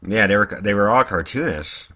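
Male podcast co-host, relaxed and inquisitive, bright voice sitting a bit low. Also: moderate pace. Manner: relaxed, asks follow-up questions, laughs easily. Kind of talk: casual movie chat.

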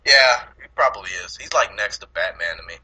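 A man's voice: fairly low pitch, brisk, poor audio. A man co-hosting a podcast, chatting casually about movies with lots of profanity and laughter. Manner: profane, laughing, animated storytelling. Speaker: podcast co-host.

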